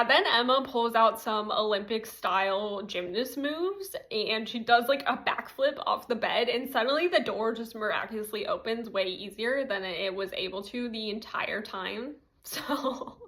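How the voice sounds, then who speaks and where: A woman's voice: a little high, measured pace, fairly bright tone. Chatty young woman recapping TV. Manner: chatty, frequent "like" fillers, giggly asides. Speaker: TV recap commentator. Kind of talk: casual TV recap commentary.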